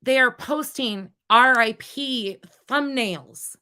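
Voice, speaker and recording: A woman's voice: on the high side, slow, bright, forceful tone, clear, resonant tone. A woman hosting a livestream, talking to her chat in a heated, swearing, casual way. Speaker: livestream host.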